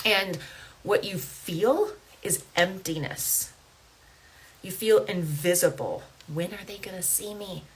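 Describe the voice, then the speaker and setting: Husky low-voiced woman coach, earnest. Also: low-quality recording. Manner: earnest, conversational, keeps asking "right?" and "okay?". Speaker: life coach and podcast host. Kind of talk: casual podcast monologue.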